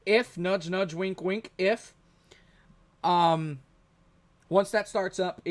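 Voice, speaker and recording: A man's voice: high-pitched, no room sound. A man hosting a sim racing broadcast, talking casually and rambling with frequent restarts. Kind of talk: live stream race commentary.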